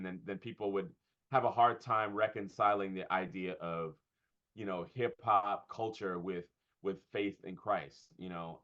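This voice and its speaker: A pastor and comedian speaking in a conversational interview, thoughtful and often pausing with fillers and restarts. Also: male voice, fairly low pitch, fairly bright tone. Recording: dull lo-fi sound.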